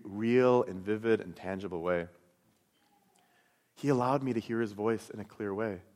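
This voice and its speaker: A middle-aged man telling his personal faith testimony and teaching, earnest and storytelling, often repeating words as he goes. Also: fairly low pitch. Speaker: Christian speaker. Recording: long hall reverb.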